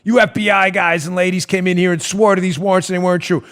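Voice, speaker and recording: A male talk show host ranting about politics with animated sarcasm, often laughing mid-rant. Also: high voice, quick pace, few pauses.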